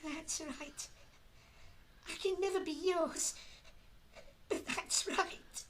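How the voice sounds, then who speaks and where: A man voicing a prim, dutiful young village maid in a comic operetta, in a melodramatic falsetto, recorded in his room at home. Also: fairly even intonation, very slow, fairly bright tone, a little hiss or hum, heavily acted. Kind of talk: comic operetta dialogue, one-man performance.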